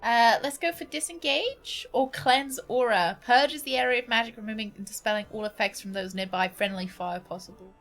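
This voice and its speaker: A British woman streams a game in casual chat, laughing, swearing freely and ranting with exaggerated indignation. Her voice is on the high side and a bit bright, she talks at normal speed with hardly any pauses, and faint music plays behind her.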